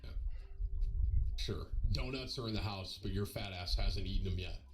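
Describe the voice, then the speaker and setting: A young man streaming, casually telling a story to his viewers in an animated, joking way, often restarting and talking to the chat. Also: deep voice, moderate pace, low-quality recording. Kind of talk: casual storytelling to a live audience.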